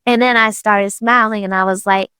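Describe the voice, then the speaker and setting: A woman's voice: mid-range voice, steady tone, moderate pace, pushed and bright, clear, resonant tone, no echo. Young woman podcaster rambling thru a story, lots of "i was like", dry close sound. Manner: chatty, full of "I was like" and "literally". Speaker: podcast host. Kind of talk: casual spiritual storytelling.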